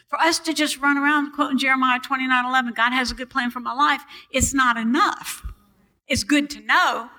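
An older woman preaching a sermon in a church on a boom mic, calling out to the congregation for responses. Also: bright, forceful tone, low-quality recording.

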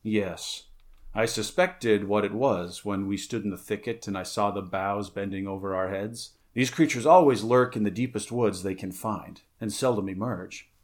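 A man's voice: lowish voice, normal speed, lightly acted. A man voicing a weary, blunt barbarian warrior in a read-aloud story, grunting his lines. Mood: gruff.

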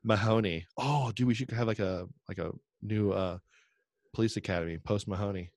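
A man's voice: lowish voice, normal speed, a little mellow, no room sound, studio quality. A middle-aged man co-hosting a podcast, telling rambling stories and laughing often. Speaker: podcast co-host. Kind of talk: casual chat.

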